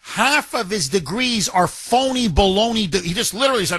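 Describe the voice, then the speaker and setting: Male talk radio host, sarcastic and outraged, bright tone, dry studio mic. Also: high voice, expressive, normal speed, hardly any pauses, no room sound. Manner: mocking, indignant, mimics others in a whiny voice. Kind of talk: opinionated talk radio monologue.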